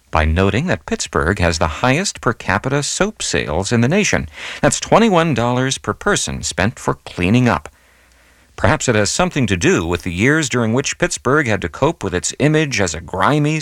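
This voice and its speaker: A man hosting a classical radio broadcast, reading scripted announcements in a measured, announcer-like way. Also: mid-range voice, a bit bright, dry recording, studio quality. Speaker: radio host.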